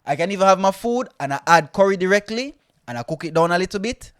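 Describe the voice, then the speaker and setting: A man's voice: high voice, fast talker, smooth. A Jamaican man co-hosting a podcast, chatting casually and teasingly, slipping into patois. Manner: animated, teasing, switches into patois. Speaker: podcast co-host. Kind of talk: casual chat.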